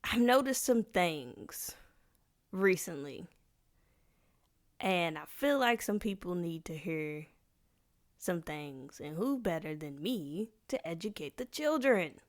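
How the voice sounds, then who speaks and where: A woman's voice: on the low side, expressive, slow pace. A young woman hosting a solo podcast, chatting casually in a rambling, playful, slangy way full of restarts and asides. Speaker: podcast host.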